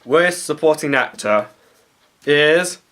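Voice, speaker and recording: A man's voice: fairly high pitch, expressive, takes it slowly, a bit bright. A man giving casual comedic commentary as a vlogger, rambling with fillers. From Britain. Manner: rambling, with frequent fillers and restarts.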